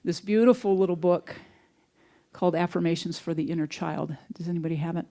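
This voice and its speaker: Minister type, relaxed sermon delivery, homespun storyteller. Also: medium pitch, fairly quick. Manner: conversational, folksy storytelling. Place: church sanctuary, also streamed online.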